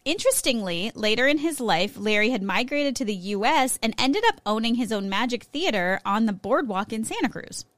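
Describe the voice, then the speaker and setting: A woman's voice: on the high side, animated, a little fast, hardly any pauses, fairly bright tone, no echo. A woman co-hosting a podcast, reading a prepared segment in a casual way, with small slips and self-corrections. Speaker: podcast co-host presenting a segment.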